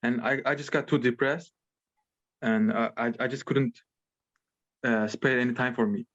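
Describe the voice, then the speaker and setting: A man in his twenties from Turkey with a Turkish accent, a podcast guest talking casually in a halting way full of fillers. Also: mid-range voice, steady tone, fairly bright tone. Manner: hesitant, halting with many fillers. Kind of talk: casual chat. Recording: muffled lo-fi call audio.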